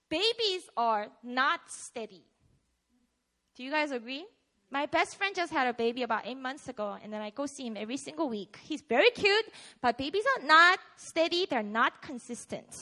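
Woman, twenties, casual sermon, bright, chatty, asks the audience questions. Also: high-pitched. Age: 20s. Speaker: preacher.

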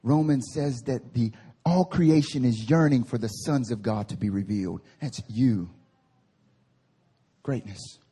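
A man preaching a sermon as pastor, lively, with playful voiced asides and big swings from loud to hushed. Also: medium pitch, measured pace, husky. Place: church service.

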